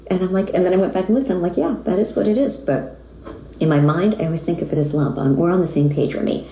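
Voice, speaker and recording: A woman's voice: lowish voice, quick pace, mellow, echoey room, a little hiss or hum, low-quality recording. A woman from the United States, a voice actress who chats casually with fans while she signs autographs. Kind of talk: casual live-stream chat.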